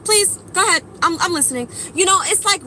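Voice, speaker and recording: A high-voiced woman preaching to her viewers in a blunt, profane vlog, her tone bright and cutting. She swings from loud emphatic bursts to low frustrated mutters. Faint traffic noise sits behind her. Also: expressive, fast, low-quality recording. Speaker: spiritual vlogger. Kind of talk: blunt motivational monologue to viewers.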